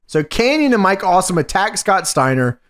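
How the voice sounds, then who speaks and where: A man co-hosting a podcast, recapping a wrestling show in a casual, profane, excited play-by-play. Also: sits high, fairly quick. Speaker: podcast co-host.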